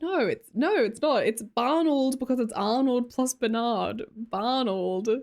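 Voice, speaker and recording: A woman's voice: a little high, unhurried, darkish tone. Playful Australian woman streamer. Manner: playful, laughs often, chats with viewers. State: tired, late at night. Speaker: livestreamer. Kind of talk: casual livestream chat.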